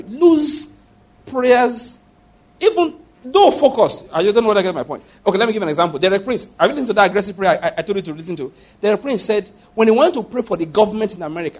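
Male pastor, somewhat higher voice, husky, animated sermon delivery. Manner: animated preaching with rhetorical questions and acted prayers.

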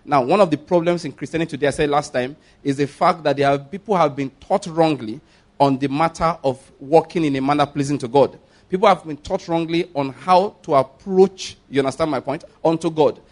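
Male pastor, sermon, slow emphatic scripture reading, direct address to congregation, slightly higher voice. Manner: reads scripture aloud slowly with rising emphasis, then explains briskly; addresses the congregation directly, asking them to repeat words.

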